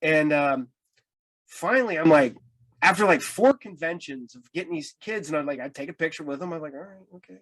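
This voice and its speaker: A man's voice: fairly high pitch, brisk, fairly bright tone. A man hosting a podcast, telling rambling anecdotes in casual chat with many restarts. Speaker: podcast host.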